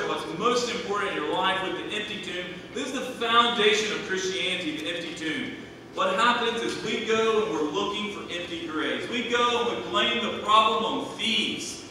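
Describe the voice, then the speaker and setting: A man in his thirties preaching a sermon, swinging between hushed and loud, emphatic delivery. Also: high voice, background noise. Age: 30s. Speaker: pastor. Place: church sanctuary. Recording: echoey church hall from a distant mic.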